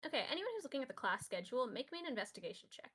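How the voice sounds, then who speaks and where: A woman's voice: a little high, sing-song, rapid-fire, a bit bright, slight background noise. A woman acting as game master, narrating a tabletop game in a casual, rambling way with many fillers.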